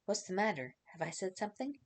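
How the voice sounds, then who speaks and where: A woman reading aloud as a devoted young male carpenter, gentle and earnest in a dramatic reading. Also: medium pitch, very animated, fast. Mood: tender.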